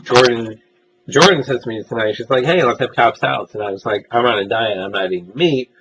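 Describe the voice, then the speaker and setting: A man's voice: mid-range voice, a little fast, fairly bright tone, highs cut off, a little hiss or hum. A young man casually telling personal stories as a vlogger, rambling and self-deprecating with lots of filler uhs. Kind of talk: casual storytelling monologue.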